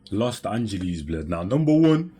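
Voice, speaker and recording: A young man, hosting a casual music reaction and chattering rapidly in slang, full of fillers. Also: fairly low pitch, very animated, dark tone, slightly rough.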